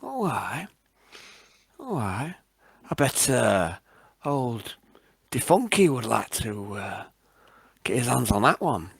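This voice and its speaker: A man's voice: medium pitch, sing-song, takes it slowly, gravelly, pauses often, husky, no echo, clean studio sound, full character voice. A man playing a simple, wary prisoner who follows his brother's plans, speaking in a Yorkshire accent and hesitating often. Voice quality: hesitant, stammering. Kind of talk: tabletop role-play in character.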